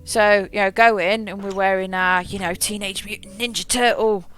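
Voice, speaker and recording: A woman's voice: medium pitch, normal speed, soft background music. Rambling woman streamer. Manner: rambling, animated, laughs often, self-corrects. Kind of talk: casual storytelling while gaming.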